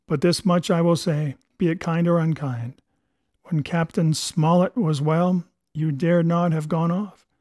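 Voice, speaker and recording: Storybook figure: man reading as a stern, kindly doctor, urgent and raised, higher voice, mellow tone. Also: no echo, natural voice. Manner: earnest, exclaiming, urgent. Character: stern but kindly older male doctor.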